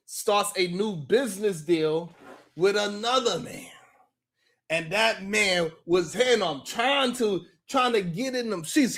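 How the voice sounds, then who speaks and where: A man with a high voice hosts a live stream, talking in an unhurried, drawn-out way. He keeps it animated and laughs a lot, breaking off to greet people in the chat by name. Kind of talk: casual live stream commentary.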